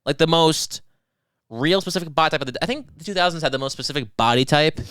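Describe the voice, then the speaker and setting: A man's voice: fairly high pitch, fast, clean tone, dry recording, clean studio sound. A young man co-hosting a podcast, telling crude stories in casual banter and acting out his own lines. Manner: crude, animated storytelling with acted-out self-quotes. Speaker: podcast co-host.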